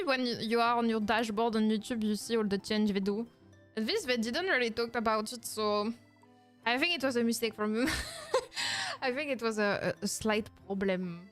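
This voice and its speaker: High-voiced French woman streamer. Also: a bit bright. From France. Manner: playful, mixes in French words, laughs often. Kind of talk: casual live stream chat.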